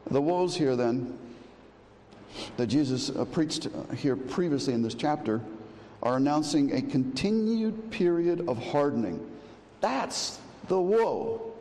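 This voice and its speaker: A man's voice: mid-range voice, lively intonation, measured pace, warm tone. A man preaching an expository sermon, restarting phrases often and building to emphatic declarations. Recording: long reverb in a hall, faint ambient noise.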